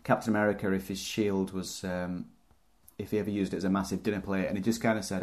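A man's voice: deep voice, flat delivery, fast. A man co-hosting a podcast, chatting casually in a hesitant, rambling way with dry jokes. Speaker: podcast co-host. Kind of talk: casual chat.

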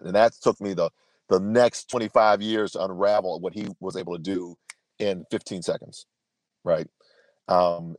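Deep-voiced man telling his story earnestly. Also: darkish tone, no echo. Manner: earnest, emphatic storyteller with frequent restarts. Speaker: podcast guest, speaker. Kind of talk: storytelling interview answer.

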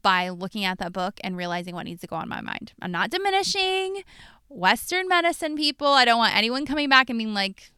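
A woman's voice: on the high side, big pitch swings, brisk, pushed and bright, clean tone, dry recording, clean studio sound. A woman in her thirties hosting a podcast, talking candidly and animatedly about her own life, with swearing and filler words. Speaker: podcast host. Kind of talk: personal podcast monologue.

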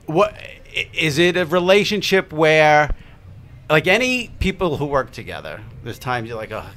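A man hosting a casual interview, asking quick questions and pushing back on his guests' answers. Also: a little high, very animated, a bit bright. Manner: brisk, pushes back on guests.

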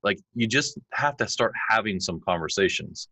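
A man in his forties, a podcast guest, chatting and telling animated stories where he acts out his kids' lines. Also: fairly low pitch, normal speed, no echo, low-quality recording. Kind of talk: conversational interview.

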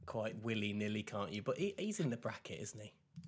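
A man's voice: on the low side, big pitch swings, brisk, husky. A man co-hosting a casual podcast, telling stories in a chatty way. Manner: chatty storyteller. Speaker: podcast co-host. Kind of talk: casual chat.

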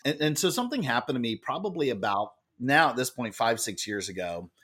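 A man telling a story as a podcast guest, with a loud and lively manner. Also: mid-range voice, a little fast, slightly rough. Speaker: guest, author and speaker. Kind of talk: animated storytelling in a podcast interview.

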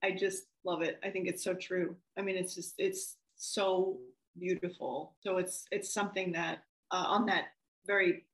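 A woman film director talking casually in an interview, animated and laughing as she acts out what people said. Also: fairly low pitch, moderate pace, reverberant, rough recording.

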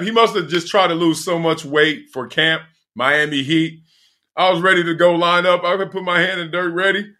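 Animated, bright-voiced man telling stories. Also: on the high side, normal speed. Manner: animated storyteller, slangy, laughs often. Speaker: podcast host. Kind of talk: casual solo podcast monologue.

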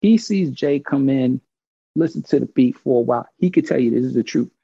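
Brief: husky, gravelly male storyteller, casual and profane, dry and slightly dull sound. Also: medium pitch, fairly quick, no echo. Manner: animated, profane, acts out quotes.

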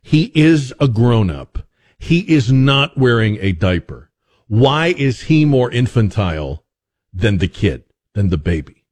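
A male radio host delivers commentary with a dry, joking edge, often stopping and restarting mid-thought. His pitch rises and falls widely as he talks. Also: unhurried. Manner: wry, joking, animated with many restarts. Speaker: radio talk show host.

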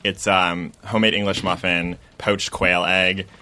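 A man's voice: low-pitched, level tone, unhurried, pushed and bright. A man explaining the dishes he cooked, casual, with lots of ums. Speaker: guest chef. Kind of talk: casual chat.

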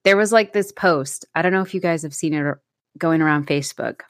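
A woman's voice: deep voice, a little fast, no room sound, clean studio sound. A woman co-hosting a casual podcast chat, rambling through a story and laughing often. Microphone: remote call mic.

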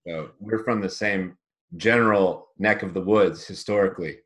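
A man with a very low voice co-hosting a podcast. He chats in a laid-back way and jokes with the others. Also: normal speed. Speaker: podcast co-host. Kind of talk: casual podcast chat.

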